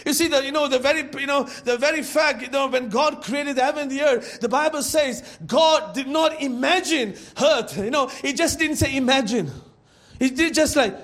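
High-voiced man preaching a lively sermon. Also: moderate pace. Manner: preaching with rising shouts and many fillers. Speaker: pastor.

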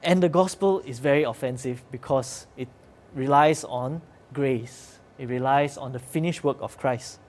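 A man's voice: medium pitch, a little slow, a little mellow. A man preaching a sermon in an earnest, conversational way, with occasional fillers.

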